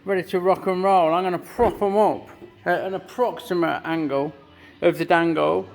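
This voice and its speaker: A man's voice: high-pitched, fairly even intonation, moderate pace, vocal fry. A man in his fifties, a custom motorcycle builder, giving rambling workshop build commentary and swearing freely as he works.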